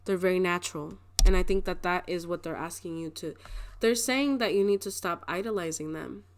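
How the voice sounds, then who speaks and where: A young adult woman gives a casual pick-a-card tarot reading, chatty and rambling, often restarting sentences and laughing. Her voice is on the low side and brisk, with slight background noise.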